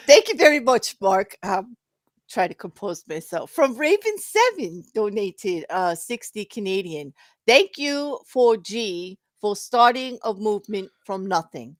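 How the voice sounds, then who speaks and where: A South African woman co-hosting a live stream reads out donations with easy laughter in casual chat. Her mid-range voice comes through a dry, studio-quality recording.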